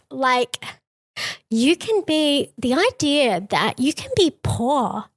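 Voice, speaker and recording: A woman's voice: fairly high pitch, no echo. A woman doing a valley girl voice to quote a politician, with a lilting drawl.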